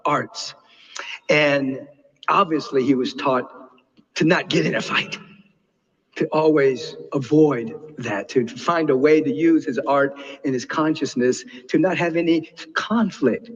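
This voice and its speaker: A man giving an impassioned inspirational sermon as a spiritual teacher, dropping to a hush and then soaring. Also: medium pitch, slightly rough, long reverb tail. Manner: impassioned, swinging between hushed and soaring. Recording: dull lo-fi recording.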